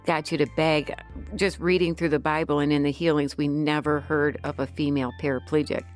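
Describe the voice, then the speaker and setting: A woman with a very low voice, reading scripture and musing earnestly between passages. Faint music plays softly behind her. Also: flat delivery, a little fast. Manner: earnest and reflective, thinks aloud. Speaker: podcast co-host and scripture reader. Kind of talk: casual chat and Bible reading aloud.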